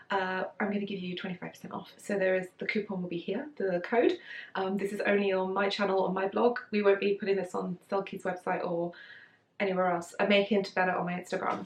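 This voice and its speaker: A young sewing vlogger from Britain casually talks over her handmade clothes at home, giggly and full of fillers and asides. Her voice is mid-range, and the room sounds echoey.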